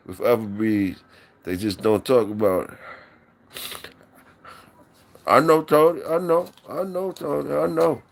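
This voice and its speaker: A man's voice: medium pitch, a bit bright. A man hosting a live stream in loose, profane, repetitive banter with his chat, talking on a mic from his workplace.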